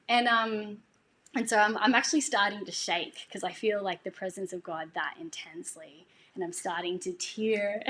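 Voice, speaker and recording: A woman's voice: medium pitch, moderate pace, fairly bright tone. A woman telling a personal faith story in a casual way, earnest and emotional, laughing now and then. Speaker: singer sharing a testimony.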